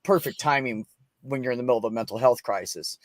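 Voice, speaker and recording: A man hosting a casual livestream chat, telling stories with wry sarcasm and lively, emotional delivery. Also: mid-range voice, quick pace, dry recording, clean studio sound. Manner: wry, sarcastic, animated storytelling. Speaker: streamer host.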